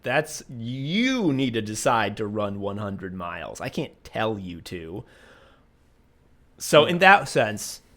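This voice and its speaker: A man co-hosting a podcast, rambling and joking in casual chat while reading listener messages aloud. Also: medium pitch. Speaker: podcast co-host.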